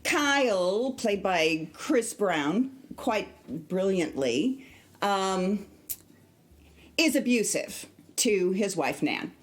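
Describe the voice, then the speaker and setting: A woman theatre director on a podcast, explaining a play in an expressive, measured way. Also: medium pitch. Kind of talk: casual podcast chat.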